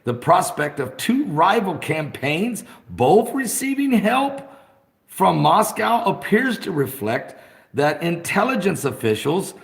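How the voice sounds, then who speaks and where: A man hosting an off-the-cuff live broadcast from his phone, rambling and excitable, bursting into shouts. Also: high-pitched, slow, vocal fry, reverberant. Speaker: host of an online live broadcast.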